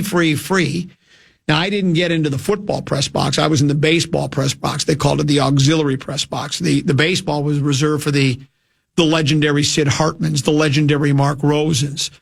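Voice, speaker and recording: Middle-aged male sports radio host, slightly high and gravelly, rambling storyteller. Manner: rambling storytelling with many restarts.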